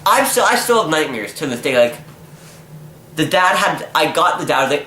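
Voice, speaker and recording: Young man, bright voice, exasperated storyteller in an echoey room. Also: fairly high pitch, moderate pace. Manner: animated, exasperated, acts out quotes. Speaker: vlogger. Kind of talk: casual storytelling vlog. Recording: echoey room, faint noise.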